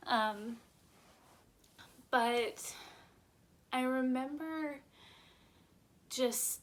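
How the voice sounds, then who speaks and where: A young woman vlogger telling her personal birth story in a halting, emotional way, close to tears at times. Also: on the high side, fairly even intonation, a bit bright.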